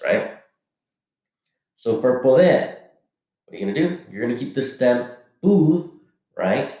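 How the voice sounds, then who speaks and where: Male teacher, lowish voice, relaxed step-by-step explainer; strong echo around him. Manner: casual, explains step by step, checks in with "right?". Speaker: Spanish teacher. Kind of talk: recorded classroom lesson. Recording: very echoey room.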